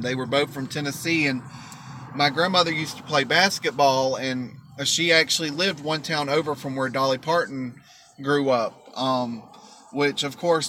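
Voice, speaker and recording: A man's voice: mid-range voice, poor audio. A man vlogging from a car, telling a heartfelt personal story in a rambling way with lots of fillers. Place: riding in a car. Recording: loud road noise from a car.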